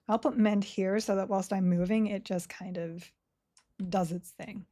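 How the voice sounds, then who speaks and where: A woman's voice: mid-range voice, fairly even intonation, mellow. A woman chatting casually with viewers on a live game stream, laughing often and running her words together. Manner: chatty, laughs often, reads chat aloud; talks slowly, words run together. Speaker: streamer playing an online game.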